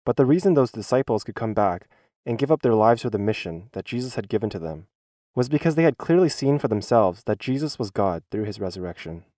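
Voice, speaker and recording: A man voicing a schoolteacher's church testimony as a dubbed voice-over, in an earnest, measured reading. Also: on the low side, animated, dark tone, dry recording, studio quality.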